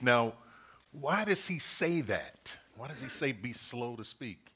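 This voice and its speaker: A middle-aged man delivers a sermon in an earnest, conversational way. He counts through his points and repeats each key phrase for emphasis. His voice sits in an ordinary middle pitch. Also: expressive, slow pace, fairly bright tone, breathy edge. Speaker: preacher.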